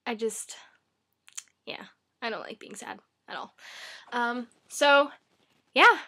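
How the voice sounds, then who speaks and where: A woman's voice: on the high side, lively intonation, takes it slowly, pushed and bright, slightly rough. A woman book vlogger talking casually to camera from her bedroom, rambling and chatty, with lots of "like" and "um".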